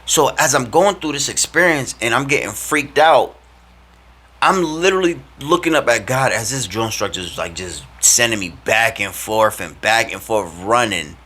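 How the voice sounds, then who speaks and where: Animated slangy man telling a story. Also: mid-range voice, moderate pace, slightly rough. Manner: animated, slangy, leaps into acted quotes. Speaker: vlogger. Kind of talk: casual spiritual storytelling.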